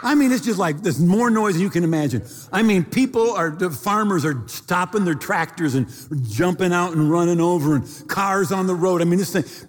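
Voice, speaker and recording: A middle-aged man pastor telling a story in a sermon, animated, with sound effects. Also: sits high, long reverb tail.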